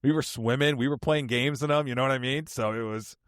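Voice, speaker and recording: A man hosting a podcast, telling a funny personal story in a casual, animated way and laughing often. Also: medium pitch, brisk, clear, resonant tone, dry recording, studio quality. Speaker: podcast host.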